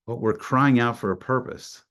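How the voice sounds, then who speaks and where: A man's voice: medium pitch, moderate pace, a bit bright. A man giving an earnest Torah class. He reads Hebrew phrases and then translates each one into English, building emphasis through repetition. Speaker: Torah teacher.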